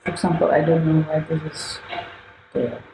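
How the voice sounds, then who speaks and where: A woman's voice: deep voice, normal speed, vocal fry. A woman artist chatting casually while she draws, thinking aloud, correcting herself and laughing often. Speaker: artist live-streaming a drawing session. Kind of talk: casual chat while drawing. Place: art gallery. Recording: echoey room with faint ambient noise.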